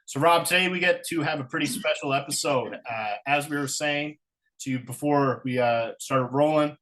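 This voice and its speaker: A man's voice: on the high side, moderate pace, a bit bright. A man hosting a recovery podcast, welcoming listeners and guiding the interview casually. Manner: easygoing, casual. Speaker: podcast host.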